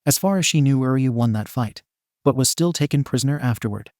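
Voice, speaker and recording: A man narrating a fan fiction story in a steady, even storytelling manner, recorded on a close mic. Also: medium pitch, fairly quick, no room sound.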